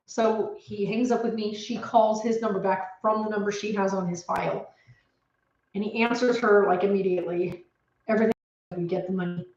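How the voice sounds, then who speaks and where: A woman's voice: medium pitch, roomy sound, highs cut off. A woman vlogging from her home office, retelling a stressful day in a rambling, anxious way with many restarts, emotional and close to tears. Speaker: homestead vlogger. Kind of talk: casual storytelling to camera.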